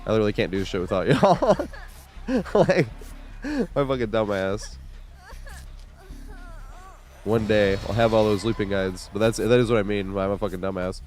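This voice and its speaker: A man's voice: fairly low pitch, expressive, normal speed, pauses often, a little mellow. A man streaming a video game, talking loosely and profanely with his viewers, his voice weak and congested from a cold. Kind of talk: casual livestream chat while gaming.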